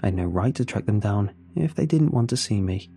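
A man narrating a first-person horror story in a measured, tense way. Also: lowish voice, lively intonation, dark tone. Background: faint music.

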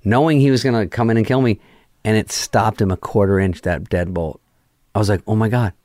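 A middle-aged man with a deep, low voice tells a story as a guest in a casual chat. He swears freely and acts out what each person in it said. His voice is close and dry, with no room around it. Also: a little fast, dry recording. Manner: profane, animated, acts out quoted lines.

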